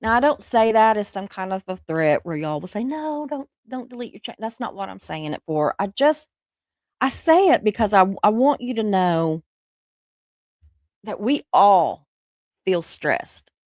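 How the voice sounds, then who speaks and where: A woman's voice: medium pitch, lively intonation, unhurried, darkish tone, no echo, studio quality. A middle-aged woman, sick with the flu, hosting a casual livestream chat, rambling and laughing often as she reads viewer comments. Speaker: livestream host.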